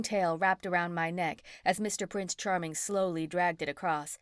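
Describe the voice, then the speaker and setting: A woman narrating an audiobook in the first person, in an even storytelling manner. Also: fairly low pitch, normal speed, few pauses, clear, resonant tone, no echo, studio quality.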